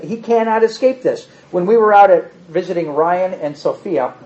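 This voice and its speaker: A man's voice: sits high, a little mellow, lo-fi sound. A man teaching an informal Bible class, reading scripture aloud with dramatic emphasis between casual comments.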